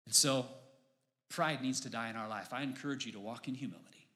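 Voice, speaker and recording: Man preaching, bright forceful voice, emphatic sermon delivery in church. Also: fairly quick. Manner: emphatic, building to high exclamations on key points. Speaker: pastor.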